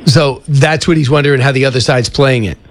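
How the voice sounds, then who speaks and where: A man's voice: mid-range voice, a little fast. Sarcastic male talk radio host. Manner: conversational, sarcastic asides.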